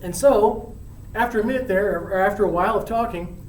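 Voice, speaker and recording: A man casually retelling a classic play in a chatty, slangy, animated way. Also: high-pitched, a little fast, roomy sound, distant mic, a little hiss or hum, low-quality recording. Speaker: storyteller.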